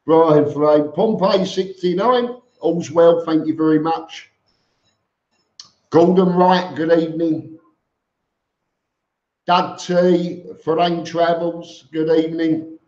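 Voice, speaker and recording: A man's voice: on the high side, steady tone, slow pace, long pauses, a little mellow. A man hosting a casual live stream from home, greeting viewers by name in a chatty way. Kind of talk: casual live stream chat reading comments. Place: home room with fans on. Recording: echoey room, dull lo-fi sound.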